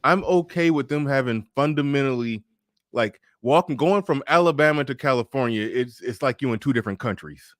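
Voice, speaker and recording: A man's voice: mid-range voice, lively intonation, a little fast, no room sound, clean studio sound. A man hosting a podcast in casual political chat, loose and profane, laughing often and restarting his sentences. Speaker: podcast host.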